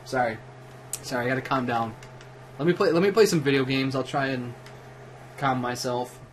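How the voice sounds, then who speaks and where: A man's voice: mid-range voice, moderate pace, slight background noise. A drunk man livestreaming at home, telling a profane, rambling story in a casual way, with many restarts. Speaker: livestream host. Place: at home while gaming.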